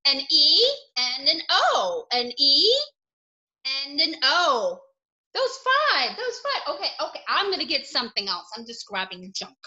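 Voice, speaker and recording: A woman teacher giving a phonics lesson to young children. Her voice is high and very bright, and it swoops up and down a great deal. She plays to her pupils with sound effects and bursts of excitement. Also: moderate pace. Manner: playful, animated, sound effects.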